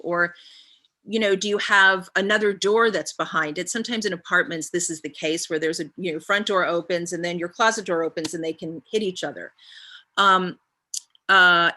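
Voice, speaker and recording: Bright-toned woman guiding a visualization. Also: lowish voice. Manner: asks a long string of reflective questions with frequent ums. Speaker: guest speaker. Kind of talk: guided visualization talk on a live stream.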